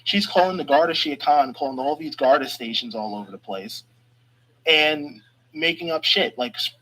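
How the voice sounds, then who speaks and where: A man's voice: fairly high pitch, normal speed, pushed and bright, poor audio. A man in a played clip, making accusations and repeating himself. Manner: accusing, repetitive. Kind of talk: ranting video clip.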